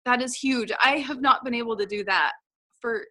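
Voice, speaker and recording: A woman's voice: on the high side, normal speed, pushed and bright, no echo. A woman in her thirties telling her personal story in an earnest, heartfelt way, with frequent restarts. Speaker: speaker sharing a personal story. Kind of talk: personal testimony talk.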